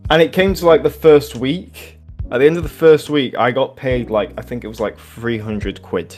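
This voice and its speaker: A man's voice: medium pitch, normal speed, a little mellow, soft background music. A young man from England, co-hosting a podcast and telling casual anecdotes, swearing and laughing often. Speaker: podcast co-host. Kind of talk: casual storytelling chat.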